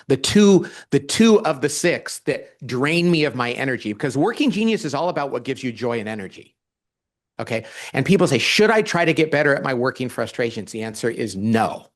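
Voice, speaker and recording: A man, a guest author in a conversational interview, talking in an animated way and acting out quoted dialogue as he tells stories. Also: a little high, brisk.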